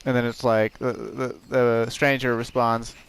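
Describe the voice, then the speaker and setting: A man's voice: medium pitch, level tone, measured pace, gravelly, a little hiss or hum. A man giving casual, rambling commentary while playing a video game, telling a story with many fillers and restarts. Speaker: let's play host. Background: game music.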